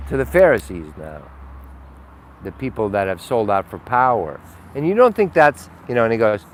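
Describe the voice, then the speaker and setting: A man giving an unscripted spiritual monologue, rambling and blunt, with frequent swearing and sudden swings between loud and soft. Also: mid-range voice, big pitch swings, moderate pace, a little hiss or hum. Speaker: spiritual teacher.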